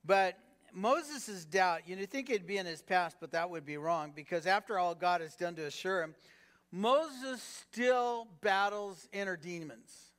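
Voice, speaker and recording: High-voiced man preaching a sermon. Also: a little slow, fairly bright tone. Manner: conversational, asks the congregation many rhetorical questions; peppered with "you know" fillers. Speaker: pastor.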